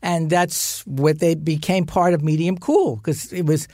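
An older man, an actor guest in a podcast studio, telling lively anecdotes in casual chat and acting out the voices of the people he quotes. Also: a little high, measured pace, dry recording.

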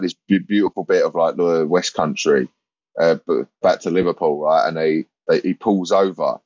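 A man spins backstage comedy stories in a low, dry voice. He rambles, swears and laughs through his own tales. The sound is a bit muffled, as if from a dull podcast mic. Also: a little mellow, no echo. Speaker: comedian guest. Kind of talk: casual anecdote telling.

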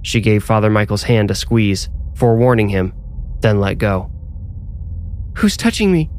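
A man reading a scripted horror story in a measured, suspenseful way. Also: on the low side, little pitch movement, a little mellow, a little hiss or hum. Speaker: narrator and author.

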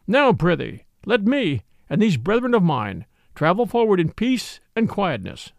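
A man's voice: sits high, huge pitch swings, a little slow, gravelly, no room sound, studio quality, full character voice. A man doing a stern, proud disguised king. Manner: stern, formal old-fashioned speech.

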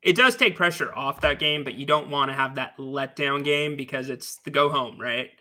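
A man co-hosting a casual post-game chat with short, relaxed replies. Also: medium pitch, moderate pace. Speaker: co-host.

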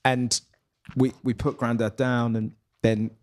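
A man with a mid-range voice talks in a relaxed, reflective way, and many of his phrases trail off. It sounds like a guest speaking casually across a table in a pub. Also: mid-range voice, slow, soft background music. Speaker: comedian guest. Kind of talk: casual chat.

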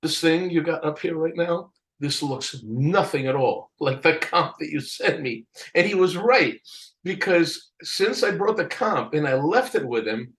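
An older man telling a story in a casual interview, animated, acting out the people he quotes and laughing often. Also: fairly high pitch, a little slow, low-quality recording. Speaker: album cover artist telling a story.

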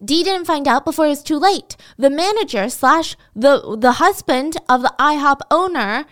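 A woman's voice: high-pitched, expressive, normal speed, a bit bright. A woman hosting a podcast, telling a true-crime story in a casual, chatty way with dramatic asides.

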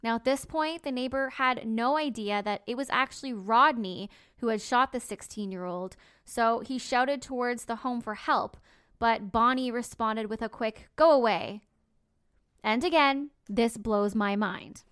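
A woman's voice: a little high, unhurried, fairly bright tone, clean tone, no room sound. Woman podcast host, true crime storyteller, chatty asides, dry close sound. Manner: conversational, with personal asides.

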